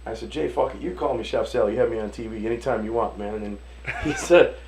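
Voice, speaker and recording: A man from Detroit, a restaurant owner and chef, telling animated stories in a casual interview, acting out the voices of the people in them and swearing casually. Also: fairly low pitch, quick pace, noisy background. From Detroit, USA.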